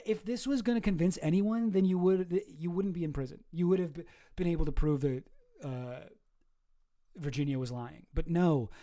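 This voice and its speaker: A man's voice: on the high side, mellow. A man hosting a casual livestream, talking in a rambling, sarcastic way and often correcting himself mid-sentence. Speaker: streamer, host.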